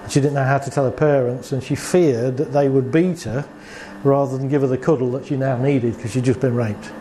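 A man's voice: medium pitch, fairly even intonation, brisk, warm tone, a little hiss or hum. A man, a therapist talking casually about his work, telling client stories and acting out both sides of the dialogue with rhetorical questions. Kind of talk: conversational talk with client anecdotes.

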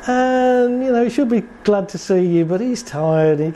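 A man's voice: sits high, lively intonation, moderate pace, hardly any pauses, dark tone, a little hiss or hum. A man giving a chatty talk on anxiety to an audience, acting out little scenes and laughing along. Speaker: speaker on anxiety and relationships.

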